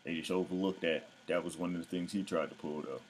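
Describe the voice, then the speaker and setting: A show host in casual commentary to viewers, blunt, profane and exasperated. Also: male voice, sits low, steady tone, quick pace, slight background noise.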